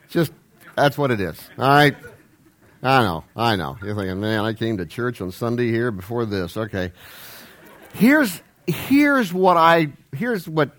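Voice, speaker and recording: A man preaching a humorous sermon in a church, rambling and jokey with self-deprecating asides. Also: medium pitch. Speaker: pastor. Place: church sanctuary.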